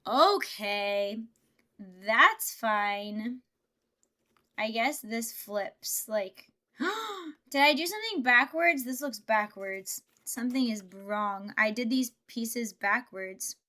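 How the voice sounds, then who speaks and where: A woman's voice: fairly high pitch, slow pace, pushed and bright. A woman livestreamer chatting casually and laughing often, thinking aloud as she builds Lego.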